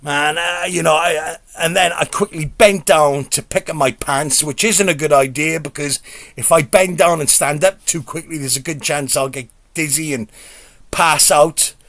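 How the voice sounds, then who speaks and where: A man's voice: on the high side, fairly even intonation, moderate pace, fairly bright tone, no echo. Stammering sweary man telling a story. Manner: stammering, sweary, self-mocking. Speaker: comedy vlogger. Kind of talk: rambling comic storytelling.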